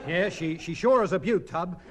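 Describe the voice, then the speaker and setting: An actor playing a teasing, easygoing friend, in a hissy 1950s radio recording. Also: male voice, high voice, moderate pace, lightly acted. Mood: wry, teasing. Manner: joking, teasing. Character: wisecracking easygoing male friend and sidekick.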